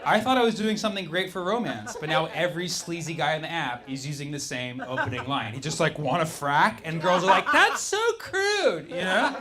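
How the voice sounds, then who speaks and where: A man performing a stand-up comedy set on a club stage into a handheld mic, deadpan with sudden loud punchlines. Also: fairly high pitch, fairly quick, few pauses. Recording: noisy live club recording with crowd laughter.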